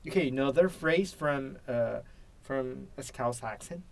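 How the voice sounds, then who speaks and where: Indonesian man, English learner, slow and halting, plenty of restarts. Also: mid-range voice, vocal fry. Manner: hesitant, repeats and restarts while searching for words. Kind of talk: practice conversation.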